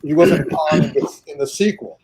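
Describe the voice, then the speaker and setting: A man's voice: a little high, moderate pace, vocal fry, crowd noise. A man in a casual debate chat, talking passionately and rambling with many restarts.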